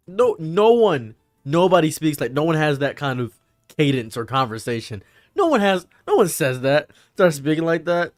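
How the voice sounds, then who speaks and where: Animated young man streaming live. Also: fairly high pitch, measured pace, dry recording, clean studio sound, faint music behind. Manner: animated, laughs often, rambling. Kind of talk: casual live-stream commentary.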